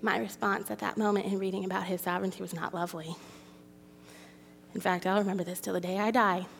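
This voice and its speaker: Her voice mid-range, creaky and level, a women's ministry speaker talks fast as she reads scripture and gives a heartfelt, confessional testimony to a women's gathering. A long hall reverb and a little hiss or hum color the recording.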